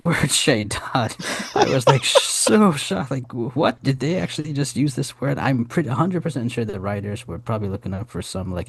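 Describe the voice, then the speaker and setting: A man talking casually on a podcast, animated and emphatic, laughing as he explains. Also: sits low, no echo, clean studio sound.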